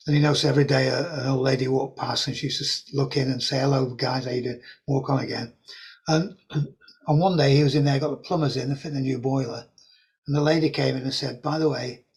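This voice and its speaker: Male course presenter, raspy voice, slightly high, rambling storyteller. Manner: rambling, repeats words, animated anecdotes with laughs. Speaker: property investing course presenter. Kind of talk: anecdotal storytelling to an audience.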